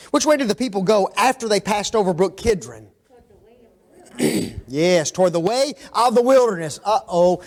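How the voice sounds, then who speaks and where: A man preaching an interactive Bible class, asking the room questions, repeating their answers and tagging his points with "okay?". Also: sits high. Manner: often tags lines with "okay?" and "don't they?". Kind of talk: interactive Bible study sermon.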